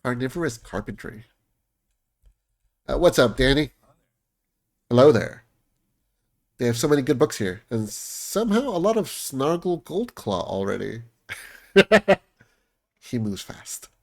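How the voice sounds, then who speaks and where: A man's voice: mid-range voice, big pitch swings, unhurried, creaky, long pauses. A man chatting casually as he plays a game, amused and laughing often. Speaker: game streamer. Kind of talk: casual gameplay commentary.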